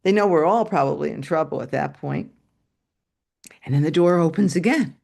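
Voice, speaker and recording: An older woman, a former teacher, tells a story to an audience over a video call, animated and acting out the voices, with asides to her listeners. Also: deep voice, moderate pace, creaky.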